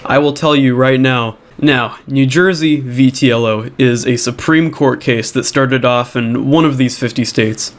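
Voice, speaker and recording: A man's voice: mid-range voice, fairly even intonation, a little slow, hardly any pauses. A young man giving a comedic class presentation, telling the story in a goofy, hyped way.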